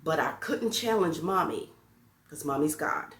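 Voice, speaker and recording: Low-voiced woman telling a lively teacher story. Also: unhurried. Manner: playful, laughing, talks straight to viewers. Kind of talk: casual storytelling to camera. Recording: echoey room.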